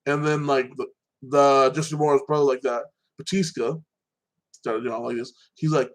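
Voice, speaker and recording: A man's voice: mid-range voice, steady tone, moderate pace, poor audio. A man hosting a casual podcast, recapping TV episodes in a rambling way with many restarts and tag-on phrases. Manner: rambling, frequent restarts, keeps adding "like that". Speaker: podcast host.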